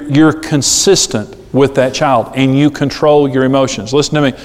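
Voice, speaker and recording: A man preaching a sermon, telling stories and acting out the people in them. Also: medium pitch. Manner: storytelling, acting out quoted people. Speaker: pastor. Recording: long reverb of a large hall.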